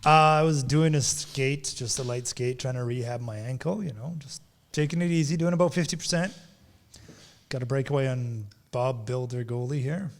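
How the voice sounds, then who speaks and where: Mid-pitched man telling a story. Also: slight background noise. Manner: sheepish, detailed storyteller. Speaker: podcast co-host. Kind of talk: casual chat.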